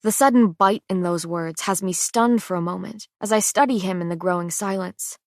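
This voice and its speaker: A woman's voice: medium pitch, normal speed, dry recording, studio quality. Woman narrating a fantasy audiobook. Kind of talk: scripted first-person audiobook narration.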